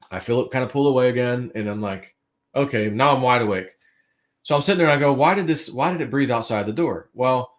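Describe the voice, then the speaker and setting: A man from the United States with a mid-range voice tells a story casually on a livestream. He acts out his own quotes, swinging between hushed tones and loud ones.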